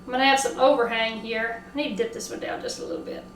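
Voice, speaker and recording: A woman's voice: a little high, quick pace, slight background noise. Chatty Southern woman baking in a kitchen. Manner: chatty, excitable, talks to herself while working. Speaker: cooking show host. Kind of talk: casual cooking demo. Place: home kitchen. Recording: echoey kitchen, mic at a distance.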